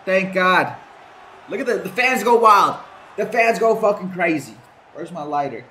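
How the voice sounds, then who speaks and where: A young man giving casual, excitable gameplay commentary while playing a football video game, swearing, joking and shouting at the screen. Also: high voice, normal speed, a little hiss or hum. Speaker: gaming streamer.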